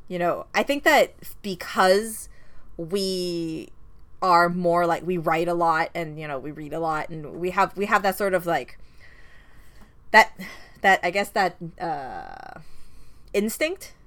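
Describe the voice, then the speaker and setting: A woman's voice: on the low side, takes it slowly, a bit bright. A woman co-hosting a film podcast, chatting casually with frequent laughs and restarts. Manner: chatty, laughs often, many fillers and restarts.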